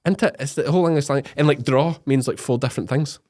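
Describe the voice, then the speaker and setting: A man's voice: medium pitch, quick pace, a little mellow. A man in his thirties from Scotland with an Ayrshire Scottish accent, co-hosting a casual podcast chat, joking and laughing as he acts out little bits. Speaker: podcast co-host.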